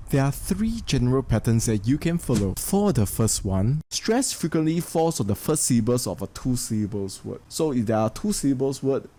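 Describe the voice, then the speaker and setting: Mellow-voiced man teaching a lesson. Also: mid-range voice. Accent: Singaporean English. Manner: explains step by step, speaks example sentences slowly with stress. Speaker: English teacher. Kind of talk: instructional lesson.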